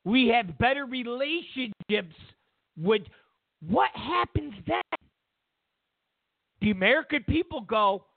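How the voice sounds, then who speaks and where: Host, male, high lively voice, gravelly, tinny and dry, mocking monologue. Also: slow pace, pauses often, dry recording. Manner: emphatic, mocking, repeats himself. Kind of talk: political commentary monologue. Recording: dry, tinny phone-like sound.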